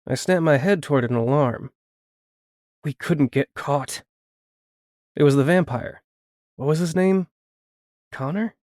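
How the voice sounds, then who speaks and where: A man's voice: on the high side, no echo. Man narrating a story, dry close sound. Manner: steady, measured storytelling. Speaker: audiobook narrator. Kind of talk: first-person fiction narration.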